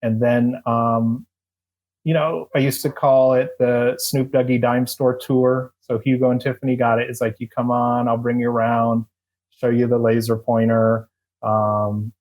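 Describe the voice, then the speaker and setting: A middle-aged former eBay employee, guesting on a podcast, tells stories in a loose, rambling interview style full of fillers and restarts. His mid-range voice has a darkish tone and flat delivery at a measured pace.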